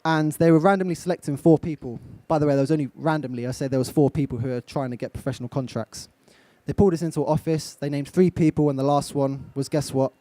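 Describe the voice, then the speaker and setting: A man's voice: on the high side, steady tone, quick pace, few pauses, dark tone, dry recording. A young man from England giving a live motivational talk, direct and coaching, putting questions to his audience. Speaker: motivational speaker. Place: event stage.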